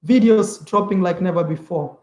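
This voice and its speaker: A man's voice: high-pitched, normal speed, a little mellow. A man hosting a casual livestream, chatting with his viewers, repeatedly calling them "man" and thanking them. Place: indoor room, streaming live. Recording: roomy echo.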